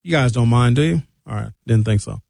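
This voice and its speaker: A man's voice: a little fast, creaky, a little mellow, dry recording, clean studio sound. Ranting talk radio host, man. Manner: ranting, mocking, jumps into high comic voices. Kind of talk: opinionated talk radio monologue. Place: radio studio.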